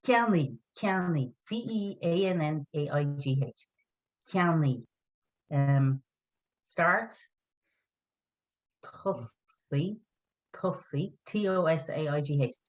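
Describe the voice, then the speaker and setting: A woman's voice: sits low, expressive, takes it slowly, lo-fi sound. A woman teaching an online language lesson, patient and encouraging, spelling words out letter by letter.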